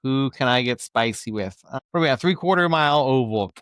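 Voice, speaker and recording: A man's voice: medium pitch, expressive, brisk, fairly bright tone, clear, resonant tone, dry recording, studio quality. A man co-hosting a casual sports podcast, teasing dryly and taking his time to decide. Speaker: podcast co-host.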